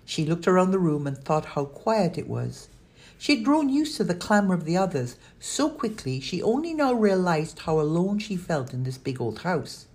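A woman narrating a children's audiobook in a steady storytelling manner. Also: on the low side, moderate pace.

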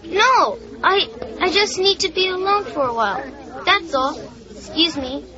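Shaken kid boy trying to act brave,, high and lively. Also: measured pace, lo-fi sound, crowd noise. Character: nervous young boy.

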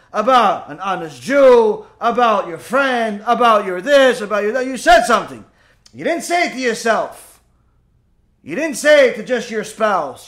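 A man preaching as a rabbi, telling a story and admonishing listeners in an animated way. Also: high-pitched. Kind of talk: sermon with storytelling.

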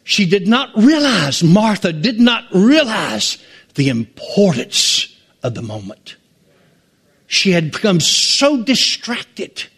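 Animated, slow-preaching pastor with a drawl. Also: male voice, husky. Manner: preaching with sweeping pitch swings, drawn-out emphatic phrases. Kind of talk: sermon.

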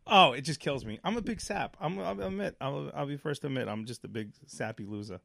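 A middle-aged man chatting on a podcast as a co-host, rambling through stories and jumping into quoted lines with lively, sappy energy. His voice sits right in the middle of the usual male range. The recording is dry and close, with no room sound at all. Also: medium pitch, fairly quick, gravelly, hardly any pauses, no room sound. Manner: animated storyteller, acts out movie lines, rambling restarts. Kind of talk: casual chat.

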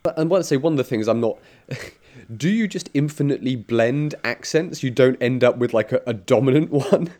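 A man's voice: mid-range voice, a little fast, warm tone. A man co-hosting a casual film podcast, thoughtful and self-deprecating. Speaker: podcast co-host. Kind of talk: casual film-discussion chat.

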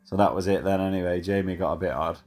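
A man tells a rambling night-out story in a voice message, his voice deep and held in a narrow range. He fills gaps with "uh" and keeps a cheeky, laddish tone, with faint music in the background. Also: steady tone, fast talker, darkish tone. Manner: chatty, laddish, full of fillers. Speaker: caller sending a voice message.

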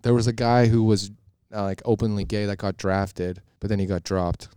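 A man's voice: fairly low pitch, moderate pace, smooth, no echo, studio quality. A man co-hosting a casual podcast chat, swearing freely and acting out what others said. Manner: profane, animated, acts out quotes of others. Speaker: podcast co-host.

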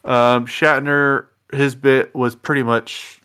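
A man's voice: medium pitch, level tone, slow pace, fairly bright tone, clean tone. Easygoing man hosting a podcast. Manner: easygoing, loose, leads the segments. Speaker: podcast host running the segments. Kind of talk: casual movie-review podcast chat.

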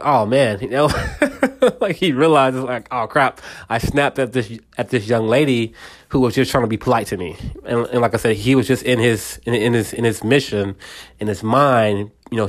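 A man hosting a casual solo podcast, retelling a movie scene in a rambling way with many repeats. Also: on the low side. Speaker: podcast host.

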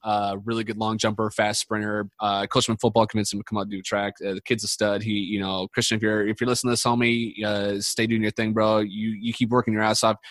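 Young man, quick rambling talker, dry close sound, casual podcast guest, salty language. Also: on the low side, flat delivery, a bit bright, no echo. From United States. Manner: rambling, swears freely, many fillers and restarts.

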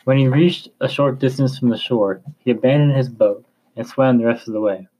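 A man narrating a chapter of a story in a slow, measured reading voice. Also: medium pitch, dark tone, rough recording.

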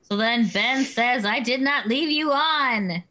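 A woman's voice: a little high, takes it slowly, sharp tone. A woman co-hosting a casual chat about a TV episode, adding wry, sarcastic asides. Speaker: podcast co-host.

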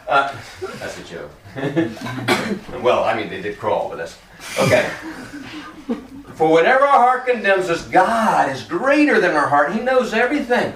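A man preaching a sermon in a conversational, animated way, joking and acting out little quoted exchanges. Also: on the high side, normal speed, reverberant, far from the mic.

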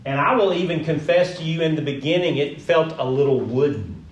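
A man leading an interactive sermon, folksy and animated, asking the room questions. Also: fairly high pitch, fairly quick, dull audio. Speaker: pastor leading a group session. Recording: roomy echo, mic at a distance.

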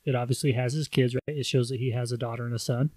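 A man's voice: medium pitch, level tone, fast talker, darkish tone, no echo. A man co-hosting a podcast, casually recapping a movie plot in a rambling way. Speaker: podcast co-host.

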